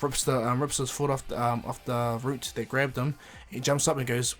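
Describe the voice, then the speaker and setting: A man's voice: medium pitch, little pitch movement, normal speed, few pauses, soft background music. A man casually retelling a fan story, rambling with frequent fillers and restarts.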